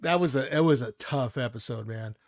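A man's voice: mid-range voice, brisk, vocal fry. A man co-hosting a podcast in casual chat, talking in a laid-back, rambling way with lots of fillers. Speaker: podcast co-host.

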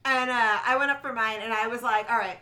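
Bright animated woman telling stories. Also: a little high, a little fast. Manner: animated storyteller, acts out quotes with laughs. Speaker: podcast co-host. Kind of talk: casual chat.

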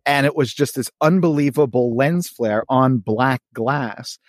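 A man co-hosting a podcast, telling stories in an animated way, laughing as he talks, and reading comic strips aloud. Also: medium pitch, unhurried, dry recording, studio quality. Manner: animated storyteller, laughs while talking. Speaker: podcast co-host.

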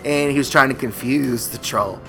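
A man's voice: medium pitch, moderate pace, vocal fry, over music. A man co-hosting a comedy podcast, rambling and joking as he tells stories. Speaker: podcast co-host. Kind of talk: casual comedic banter.

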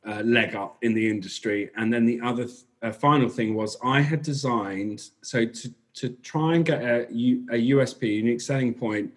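Rambling English bakery owner in conversation. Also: male voice, mid-range voice, moderate pace, few pauses. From England. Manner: rambling, filler-heavy, self-correcting. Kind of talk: casual interview chat.

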